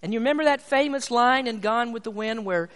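High-pitched preacher guy, emphatic sermon, big church echo. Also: a little fast, fairly bright tone, clear, resonant tone. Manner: emphatic, rises and falls in volume. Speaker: pastor. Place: church sanctuary. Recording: long hall reverb.

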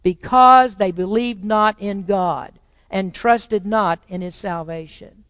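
A pastor preaching a sermon to a congregation, swinging between loud proclaiming and quiet, probing rhetorical questions. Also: medium pitch, takes it slowly, clean tone. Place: church sanctuary with a congregation. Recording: long reverb of a large church hall.

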